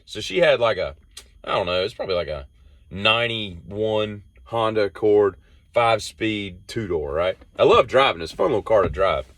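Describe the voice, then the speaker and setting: A man's voice: lowish voice, expressive, moderate pace, a bit bright, no echo. A man, hosting a rambling solo monologue and telling off-the-cuff stories that wander. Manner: meandering, off-the-cuff storytelling. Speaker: host.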